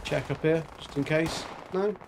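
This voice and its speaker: A man's voice: fairly high pitch, normal speed, gravelly, noisy background. A man streaming a video game, chatting casually and rambling with jokes and silly sound effects. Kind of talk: casual gameplay commentary.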